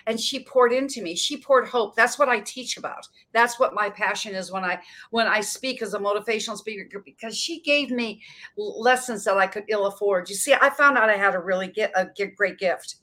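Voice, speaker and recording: Bright sixties lady guest from montana, earnest and dramatic. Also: mid-range voice. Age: 60s. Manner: emphatic, earnest, dramatic pauses. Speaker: guest, motivational speaker. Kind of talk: casual interview storytelling.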